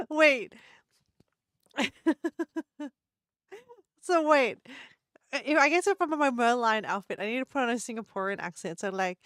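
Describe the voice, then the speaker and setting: A woman hosting a casual live stream who giggles through nearly every line. Her voice sits high, and she unhurriedly draws out her words. The sound is close and dry, with little room. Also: measured pace, pauses often, fairly bright tone, dry recording. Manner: giggly, breaks into laughter constantly.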